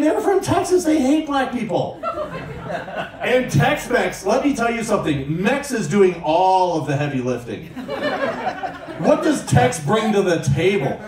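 Profane ranting stand-up comedian man. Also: high-pitched. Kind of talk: stand-up set. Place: comedy club stage with audience. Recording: live room echo, distant mic, crowd. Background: audience laughter.

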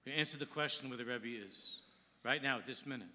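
A man's voice: medium pitch, quick pace, pushed and bright. A man giving a sermon as a rabbi, telling a story and quoting Hebrew texts with English translation. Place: large synagogue hall. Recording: long hall reverb.

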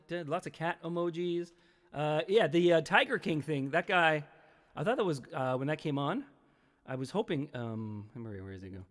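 A man hosting a casual livestream, chatting playfully with viewers and reading their comments aloud in a rambling way. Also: mid-range voice. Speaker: livestream host. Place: home studio in Kingston, Ontario. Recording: long reverb.

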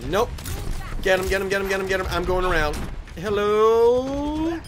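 A man's voice: sits high, normal speed, background noise. A man giving frantic, profane commentary while playing a team shooter game. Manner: frantic, swearing, yelling at teammates. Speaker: gaming YouTuber. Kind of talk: live gameplay commentary.

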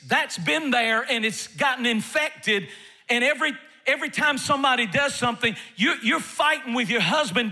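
Pastor, male, high forceful voice, emphatic repetitive preaching, faint music behind. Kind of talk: sermon. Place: church sanctuary.

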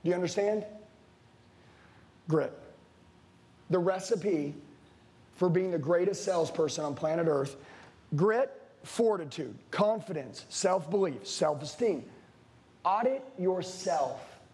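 A man with a high-pitched voice delivers a fired-up sales seminar. He is blunt and preachy, swears casually, and keeps turning to the crowd in front of him. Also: expressive, takes it slowly, pauses often, a little mellow. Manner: intense, preachy, swears casually, addresses the room directly. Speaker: sales trainer. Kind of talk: motivational seminar speech. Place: room with a live audience.

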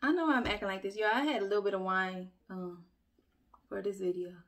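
A woman filming a relaxed get-ready-with-me at home, chatting straight to her viewers and poking fun at her own slip-ups. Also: medium pitch, fast. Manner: chatty and self-mocking, talks straight to viewers. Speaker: beauty vlogger and mother. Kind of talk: casual get-ready-with-me chat. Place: at home, upstairs room.

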